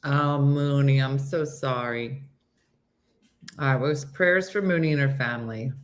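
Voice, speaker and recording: A woman's voice: very deep voice, unhurried. A woman hosting a casual morning show, telling a funny story with lots of laughing and acted-out quotes. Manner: animated storytelling, acts out quotes, laughs often. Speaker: host.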